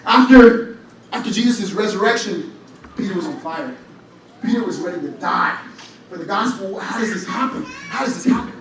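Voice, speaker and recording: A young man preaching a lively sermon, telling stories with humor and rising to shouts at times. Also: high-pitched, moderate pace. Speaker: church speaker. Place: large church hall. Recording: echoey hall, from far off, faint noise.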